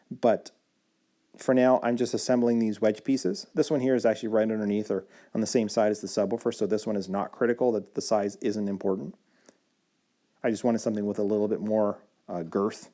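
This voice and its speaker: A man casually narrating his own build video as a voice-over, explaining each step in a relaxed way, with fillers and self-corrections. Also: lowish voice. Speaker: woodworking video maker.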